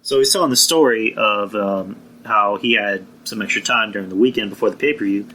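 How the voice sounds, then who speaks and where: A man's voice: lowish voice, brisk, bright, forceful tone, poor audio. A man hosting a live wrestling stream, rambling in a casual, profane way and answering viewers in the chat. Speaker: podcast host.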